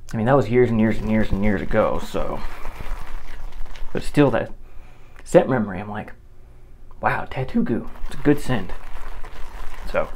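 A man's voice: fairly low pitch, creaky, a little mellow, a little hiss or hum. A man chatting casually and laughing as he vlogs a shave. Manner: laid-back, chuckling, rambling. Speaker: shaving vlogger. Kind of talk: casual vlog chat while shaving.

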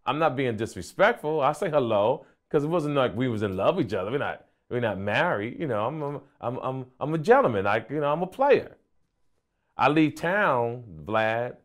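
A male comedian calmly recounting a personal story in an interview. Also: medium pitch, normal speed. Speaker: comedian guest.

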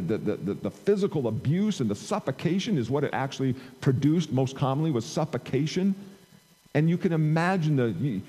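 A man's voice: a little high, warm tone, husky, long reverb tail, rough recording. A man preaching a conversational sermon into an amplified microphone, reading scripture aloud and rising in emphasis. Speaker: pastor. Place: church sanctuary.

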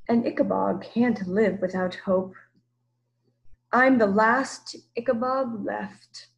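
A woman's voice: mid-range voice, vocal fry, rough recording. A woman doing a huge, solemn storybook monster. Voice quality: slow deliberate speech, hushed at times. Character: enormous gentle old monster, solemn and slow.

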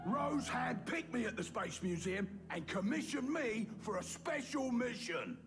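A stern, self-important toy space commander, booming and theatrical. His pitch leaps wildly from line to line. Game music plays underneath. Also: big pitch swings, unhurried, gravelly, heavily acted. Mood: boastful. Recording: game audio with music behind.

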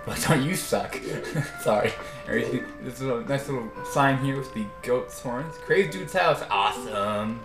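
A young man talks through a video game in a loose, rambling way, often restarting his sentences. His voice sits in an ordinary middle pitch. The room around him sounds roomy and echoey, with faint music underneath. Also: a little slow. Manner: rambling, chatty, self-correcting. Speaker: let's play gamer. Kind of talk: casual gameplay commentary. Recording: roomy echo.

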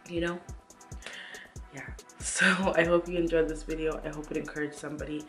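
A woman's voice: low-pitched, flat delivery, a little fast, long pauses, fairly bright tone, soft background music. Earnest young woman encouraging faith. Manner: earnest and encouraging, many "like" and "you know what I mean". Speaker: Christian vlogger. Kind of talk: casual devotional talk to camera.

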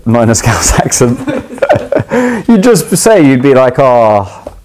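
A young man with a London accent, a footballer, casually explaining slang in a chatty, easygoing way with lots of ums and quick laughs. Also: mid-range voice, rough recording. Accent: London English. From England. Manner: relaxed, chatty, laughs easily, many ums and restarts.

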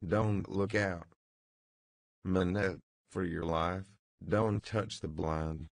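A man's voice: deep voice, steady tone, slow pace, dry recording. A man voicing a kindly, anxious elderly male banker in an audiobook reading, his tone urgent and pleading. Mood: desperate.

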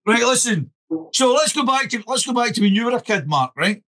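A man's voice: very high-pitched, brisk. A Scottish man hosting a podcast, chatting casually and telling stories with lots of animation. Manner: animated storyteller, keeps saying "listen". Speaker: podcast host.

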